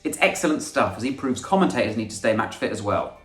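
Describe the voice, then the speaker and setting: A man's voice: mid-range voice, expressive, quick pace, a bit bright, far from the mic. A young man hosting a scripted comic monologue, with a dry, sarcastic delivery and sudden mock-dramatic outbursts. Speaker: comedian host. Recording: echoey room with faint music.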